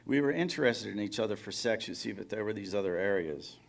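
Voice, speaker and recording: A man's voice: fairly low pitch, lively intonation, fast talker, vocal fry. A man reading fiction aloud, voicing a lonely middle-aged man who rambles and apologizes on a phone call. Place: conference reading room.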